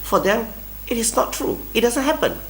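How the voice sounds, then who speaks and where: A man's voice: very high voice, big pitch swings, moderate pace, a bit bright, slight background noise. A man in a live online debate, earnest and questioning, speaking English with non-native grammar.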